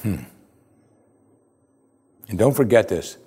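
A male pastor delivers a sermon in a fairly low voice. He is earnest and emphatic, leaning into key words and often letting his phrases fall to a hush. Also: very animated, takes it slowly, husky. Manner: earnest, emphatic, often dropping to a hushed close.

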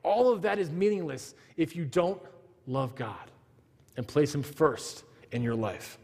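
A man's voice: fairly high pitch, expressive, unhurried, a little mellow, big-room sound. A man in his thirties preaching a sermon, earnestly telling a family story and acting out the dialogue.

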